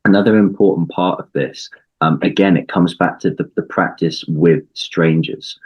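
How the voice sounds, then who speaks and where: British guy, very deep and husky, dull lo-fi sound, patient explainer with lots of ums. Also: steady tone. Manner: measured, explanatory, with frequent ums and restarts. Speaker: English coach, guest. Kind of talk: conversational interview.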